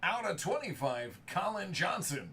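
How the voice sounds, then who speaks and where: High, lively hype man breaking cards. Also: a little slow, slight background noise. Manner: hype, erupts into excited shouts; reads out card names and serial numbers. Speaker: live card break host. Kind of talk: live sports card break commentary.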